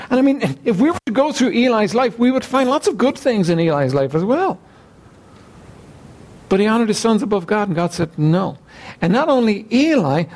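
High-voiced preacher clearing his throat. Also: a little mellow. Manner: frequent throat clearing, conversational asides to the congregation. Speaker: pastor. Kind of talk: sermon.

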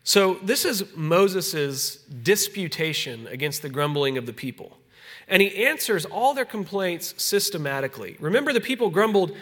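Bright-voiced male pastor preaching. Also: high-pitched, sing-song. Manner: conversational preaching that drops soft and slow on solemn points. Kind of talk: sermon.

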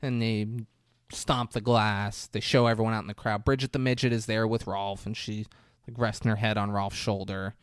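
A man's voice: fairly low pitch, moderate pace, clean tone, no room sound, clean studio sound. A man hosting a casual comedy podcast, retelling a film scene by scene and jumping into voices for the characters, blunt and profane when he jokes. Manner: animated storytelling, jumps into voices for the characters. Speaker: podcast host recapping a movie. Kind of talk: casual comedic movie recap.

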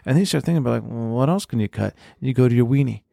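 Man, podcast co-host. Quick, crude storyteller, dry close mic. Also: mid-range voice, vocal fry, mellow, dry recording. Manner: rapid, profane storytelling in second person. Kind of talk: casual comedic chat, improvised stories.

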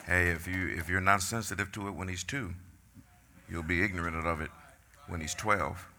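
Gravelly deep-voiced man preaching fiercely. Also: steady tone, normal speed, background noise. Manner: emphatic, street-talking, scolding congregation. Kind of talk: fiery preaching.

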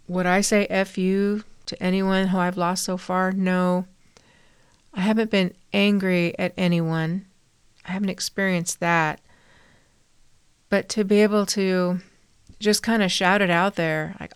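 Middle-aged woman, solo podcast host, earnest storytelling, gravelly but smooth, dry close sound. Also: lowish voice, no room sound. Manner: earnest, recounting a story with quoted lines. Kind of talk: reflective solo podcast talk.

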